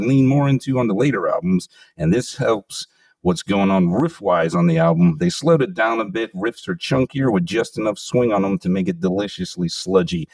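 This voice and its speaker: Low-voiced profane metal podcast host. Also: male voice, darkish tone, no echo, distant mic. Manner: profane, emphatic, enthusiastic. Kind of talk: casual podcast chat with read reviews.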